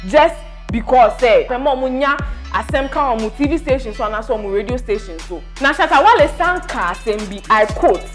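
A Ghanaian woman with a somewhat high voice introduces an entertainment clip, telling it like a lively story. Faint music plays under her voice. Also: moderate pace. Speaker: presenter. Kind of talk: entertainment news narration.

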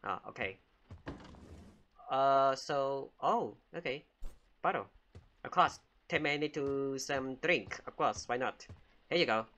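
Bright-voiced man playing a horror game. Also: mid-range voice, expressive, slow, long pauses, highs cut off. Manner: playful, teasing, chatting to in-game baby. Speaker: gaming channel host. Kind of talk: horror game let's play commentary.

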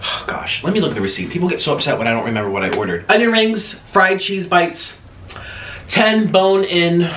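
A young man hosting an eating vlog, talking casually between bites with excited gasps and murmurs. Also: sits high, fairly quick. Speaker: mukbang host. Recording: echoey room with faint noise.

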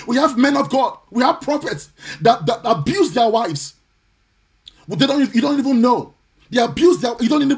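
High-pitched guy preaching on a facebook live, fired up, repeats stuff a lot, kinda sing-song. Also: gravelly. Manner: forceful, repetitive, indignant, sometimes sing-song cadence. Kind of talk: impassioned preaching on a live stream. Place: home or church, streaming live.

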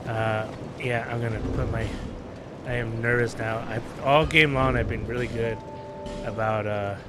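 A man's voice: medium pitch, fairly even intonation, measured pace, background noise. A man hosting a let's play, giving casual, rambling gameplay commentary. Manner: rambling, with fillers and emotional outbursts. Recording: game music behind voice.

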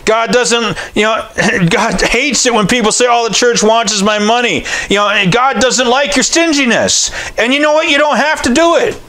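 A middle-aged man with a fairly high voice delivers a sermon. He speaks bluntly and directly, often scolding his listeners. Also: normal speed, few pauses, pushed and bright. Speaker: preacher.

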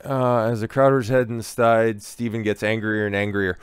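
A man's voice: fairly low pitch, fairly even intonation, normal speed, clear, resonant tone, no room sound. Sarcastic, profane male commentator, dry sound. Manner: sarcastic and profane, interrupting his own reading. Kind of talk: reaction commentary reading an article aloud.

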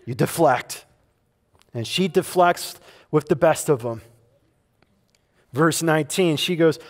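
High-pitched guy preaching at church, chatty but punchy, keeps repeating lines for emphasis. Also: slow pace, long pauses. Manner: conversational preaching with emphatic repetition. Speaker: pastor. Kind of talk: sermon. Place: church service.

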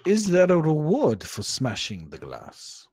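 A man's voice: a little high, wildly swooping pitch, unhurried, a little mellow, pitched above the performer's own voice. A man voicing a brash male adventurer who speaks in stiff, formal phrases. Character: brash male adventurer keen to smash foes.

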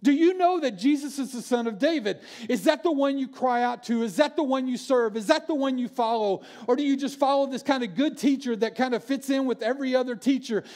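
A man preaching a sermon in church, earnest and pausing for effect. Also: very high voice. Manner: earnest, with dramatic pauses and quieter passages. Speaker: pastor.

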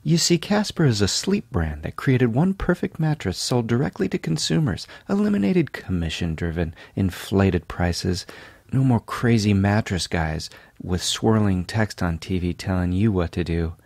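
A podcast host from California reads a sponsor spot in a sleepy, deadpan voice with plenty of gravelly fry. His pitch sits low and the sound is close and dry, with no room around it. He keeps undercutting the ad with wry asides. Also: normal speed, no room sound. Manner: sleepy, deadpan, self-mocking. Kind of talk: jokey ad read.

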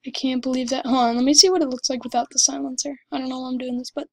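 A woman giving excited commentary over her gameplay, gushing and exclaiming breathlessly. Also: high voice, very fast. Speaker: gamer.

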